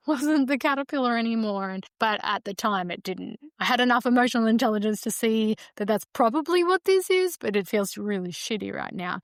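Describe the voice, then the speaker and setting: A woman's voice: mid-range voice, clean tone, dry recording, clean studio sound. A woman hosting a solo podcast, talking through her feelings in a reflective, meandering way with frequent fillers. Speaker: podcast host.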